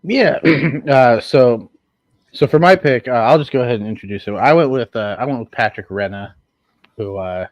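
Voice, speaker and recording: A man's voice: mid-range voice, normal speed, no echo. A man speaking as a panelist in a casual chat, hesitant and full of restarts. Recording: dull lo-fi mic.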